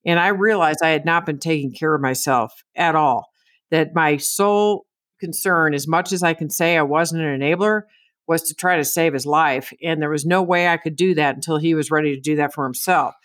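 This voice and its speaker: A woman's voice: sits low, normal speed, fairly bright tone, dry recording. A woman guest speaking earnestly and reflectively in conversation. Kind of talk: casual conversation.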